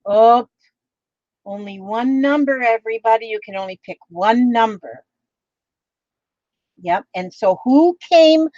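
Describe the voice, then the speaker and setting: Woman craft vlogger, chatty and rambling, slightly high voice, dry and dull home recording. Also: darkish tone, no room sound. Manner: rambling, chatty, many fillers. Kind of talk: casual chat.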